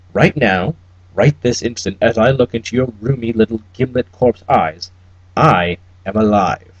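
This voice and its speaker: Man playing a menacing German necromancer, clipped, slow, husky, dry sound. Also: medium pitch, darkish tone, dry recording, dull audio. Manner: cold, menacing, deliberate.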